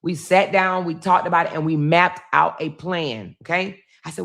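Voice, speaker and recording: A woman's voice: fairly low pitch, unhurried, vocal fry, hardly any pauses, a bit bright. A middle-aged woman, telling a family story to her viewers in a casual, emphatic way, repeating phrases. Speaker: vlog host.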